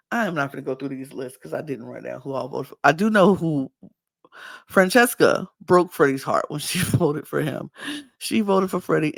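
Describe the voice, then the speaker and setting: A woman's voice: deep voice, vocal fry, no room sound. A woman hosting a casual podcast, animatedly retelling a reality show episode and acting out the cast's lines. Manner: animated retelling, acting out cast members' quotes. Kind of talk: casual recap chat.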